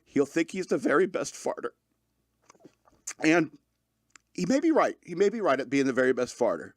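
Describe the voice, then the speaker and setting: A man's voice: fairly high pitch, very animated, moderate pace, no echo, clean studio sound. A man in his thirties hosting a podcast, rambling loosely through a casual monologue, joking and laughing often, with lots of fillers. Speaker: podcast host.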